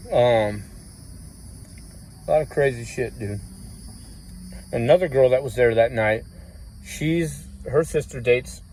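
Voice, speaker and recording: A man's voice: medium pitch, darkish tone, slight background noise. A man vlogging, telling rambling personal stories in a casual way, swearing often and using many fillers. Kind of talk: casual storytelling.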